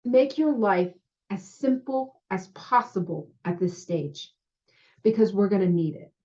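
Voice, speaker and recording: A woman's voice: mid-range voice, expressive, unhurried, mellow, lo-fi sound. A woman who works as a spiritual healer gives a casual talk to her viewers. She is chatty and often says "you know" and "right?". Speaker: spiritual healer and intuitive guide.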